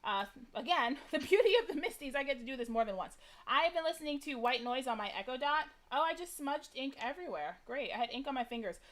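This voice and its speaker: A woman's voice: sits high, expressive, quick pace, fairly bright tone. A young American woman hosting a live crafting stream, chatting casually and laughing at herself while she works. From United States. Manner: chatty, self-deprecating, laughs often, greets viewers by name. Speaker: crafting livestream host.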